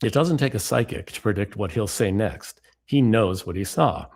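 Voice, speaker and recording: A man giving a lecture as author and speaker, reading book excerpts in a measured, deliberate way. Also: on the low side, animated, darkish tone, slightly rough.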